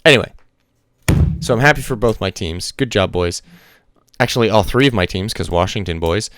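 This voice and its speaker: A man co-hosting a casual esports podcast, chatting quickly through teams and players. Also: on the low side, a bit bright, dry recording, clean studio sound. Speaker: podcast co-host.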